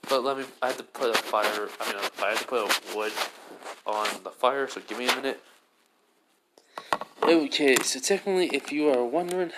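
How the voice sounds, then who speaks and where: A man's voice: medium pitch, background noise. A man casually retelling a fan-made story, rambling with many fillers and restarts.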